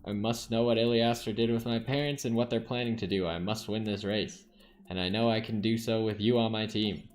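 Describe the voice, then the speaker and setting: A man's voice: lowish voice, fairly even intonation, brisk, natural voice. A man reading a determined French woman duelist. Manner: plain read-aloud, no accent.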